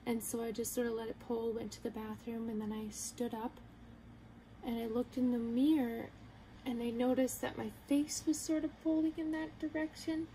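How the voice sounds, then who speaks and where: A young woman earnestly telling a personal story to the camera, halting and quoting her own thoughts. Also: a little high, little pitch movement, dark tone, slight background noise, low-quality recording. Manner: earnest, halting, retelling with quoted inner thoughts. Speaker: vlogger.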